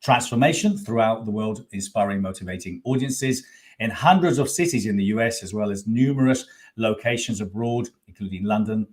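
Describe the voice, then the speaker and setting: A man's voice: on the low side, fairly quick. A man hosting an online expo over a video call, greeting guests with effusive enthusiasm. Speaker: host.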